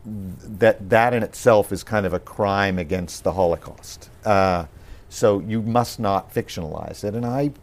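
A man with a fairly low voice is interviewed as a guest. He speaks in a measured, reflective way, stopping often to pick his words with ums and restarts. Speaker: actor being interviewed. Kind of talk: podcast interview.

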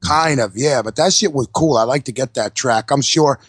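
A man's voice: medium pitch, moderate pace, breathy edge, dry recording, studio quality. A man co-hosting a casual podcast with blunt, profane banter. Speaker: podcast co-host.

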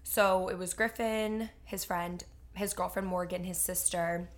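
A woman co-hosts a podcast and tells a story in a chatty, animated way. She fills her sentences with casual fillers and keeps the flow easy. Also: lowish voice, measured pace. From Boston area. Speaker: podcast co-host. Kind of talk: casual chat.

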